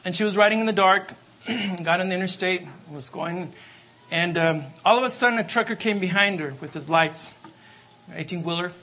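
A man with a high, pushed, bright voice preaches a sermon at normal speed. He is emphatic and repetitive, repeating refrains and asking the congregation for amens.

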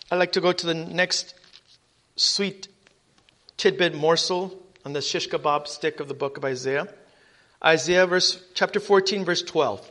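A man preaching a sermon, reading scripture aloud with emphasis and calling out questions to the congregation. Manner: emphatic preaching, rising loud on scripture, dropping low on asides.

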